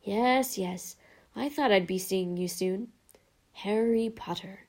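A woman voicing a soft-spoken, eerie old male wandmaker who talks slowly and quietly, then bursts into excitement. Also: medium pitch. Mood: hushed.

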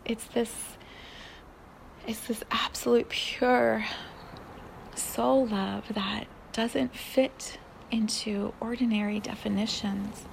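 Soft-spoken woman, dreamy podcast musing. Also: a little high, steady tone, slow, a little hiss or hum. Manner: dreamy, soft, often drops to a breathy whisper, laughs often. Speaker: podcast host. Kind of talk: spiritual podcast monologue.

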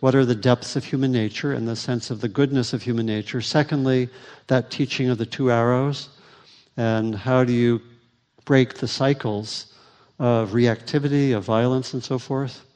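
A man's voice: medium pitch, steady tone, darkish tone. Guy doing a dharma talk q&a, thoughtful, lots of ums, big echoey hall. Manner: thoughtful, halting, many fillers. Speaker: Buddhist teacher. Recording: reverberant hall.

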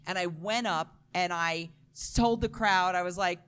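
A woman stand-up comic on a panel, telling a self-deprecating story in a casual, animated way and swearing freely. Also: medium pitch, a little fast, few pauses, smooth.

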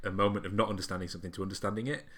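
A man in a casual podcast chat, talking in a reflective, halting way with many restarts and ums. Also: fairly low pitch, little pitch movement, a bit bright.

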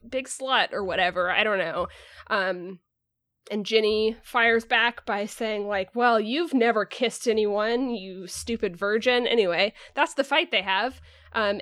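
This is a woman hosting a podcast, recapping a chapter in a loose, rambling way. She leans on "um" and "like" as she goes. Her voice sits a little high and sounds dry and close. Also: no room sound. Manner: rambling, filler-heavy, lots of "like" and "um". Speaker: podcast host.

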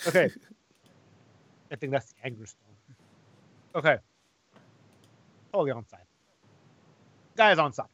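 A man's voice: fairly high pitch, expressive, fairly bright tone, no room sound. Male co-host, easygoing and jokey, average voice, dry lo-fi recording. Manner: joking, laughs often, halting restarts. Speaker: podcast co-host. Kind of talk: casual chat. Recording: dull lo-fi sound.

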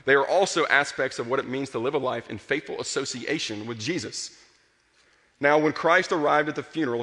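A man preaching a sermon with earnest emphasis, rising to passion and dropping soft. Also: mid-range voice. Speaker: pastor. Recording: long hall reverb.

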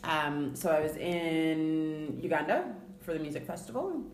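A woman's voice: sits low, lively intonation, unhurried, roomy sound, slight background noise. A woman co-hosting a podcast in casual chat, wry and self-deprecating, sounding tired. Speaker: podcast co-host.

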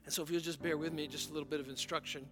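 Middle-aged male pastor with a raised pitch, earnest, restarts often, preaching with music under him. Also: fairly even intonation, very fast. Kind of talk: sermon. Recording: music playing softly behind.

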